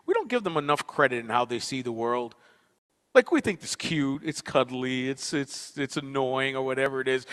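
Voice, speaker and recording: A man giving a storytelling conference talk, playful and quick with joking asides. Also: mid-range voice, a bit bright. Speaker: keynote speaker and performer. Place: university auditorium. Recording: long auditorium reverb.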